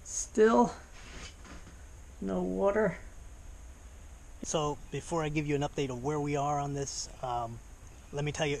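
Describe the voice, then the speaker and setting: A man talking casually through a workshop boat build, often pausing with fillers and restarting his sentences. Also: fairly high pitch, a little hiss or hum. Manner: hesitant, many "uh" fillers and restarts.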